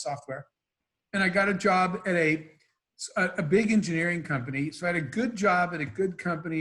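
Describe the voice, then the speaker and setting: A man, an entrepreneur guest on an interview show, telling long stories with quoted dialogue. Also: fairly high pitch. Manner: animated anecdotes with quoted dialogue. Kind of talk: storytelling interview talk.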